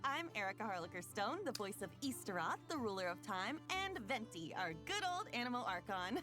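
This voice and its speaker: A woman's voice: mid-range voice, very animated, fairly quick. A woman hosting a scripted game broadcast in a cheerful, giggly manner. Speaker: program host. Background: background music.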